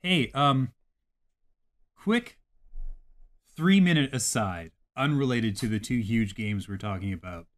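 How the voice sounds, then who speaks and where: A man's voice: mid-range voice, expressive, slow, pauses often. A man co-hosting a gaming podcast, talking casually and animatedly, swearing freely as he rants about games. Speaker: podcast co-host.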